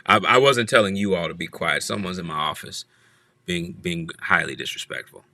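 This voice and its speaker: A man's voice: sits low, normal speed, bright, forceful tone, dry recording. A man hosting a church livestream, greeting viewers one by one and playfully teasing them from his office. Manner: playful, teasing, repeats phrases.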